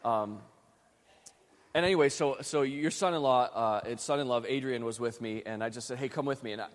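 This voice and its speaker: A man's voice: medium pitch, fairly quick, big-room sound. A man from Western New York preaching a sermon, telling a story in a chatty, self-deprecating way with frequent restarts. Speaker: pastor.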